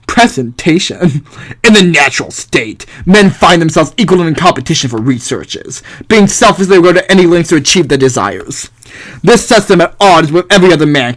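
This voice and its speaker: A man voicing a haughty male English philosopher in a game, speaking low, slow and pompous. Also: fairly bright tone.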